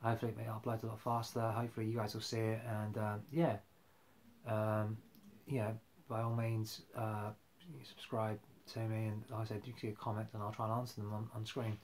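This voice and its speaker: A man's voice: fairly low pitch, little pitch movement, fairly quick, a little mellow. Rambling man chatting about football. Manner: rambling, chatty, many fillers and restarts. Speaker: football fan vlogger. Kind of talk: casual live-stream football chat.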